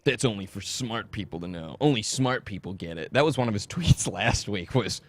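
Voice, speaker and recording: A man's voice: lowish voice, lively intonation, normal speed. A man hosting a podcast in a casual comedic rant, mocking and laughing often as he jumps between topics. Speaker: podcast host.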